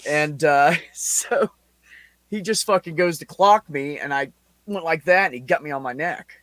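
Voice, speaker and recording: A man's voice: a little high, unhurried, no echo. A man in his forties, a podcast host telling a story in casual, heavily profane chat. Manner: profane, animated anecdote with laughs.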